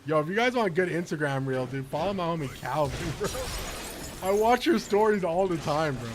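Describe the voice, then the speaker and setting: A man streaming a video game who tells stories in an animated, slangy way and laughs often. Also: a little high, moderate pace, noisy background. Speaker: gaming streamer. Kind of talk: casual storytelling while playing.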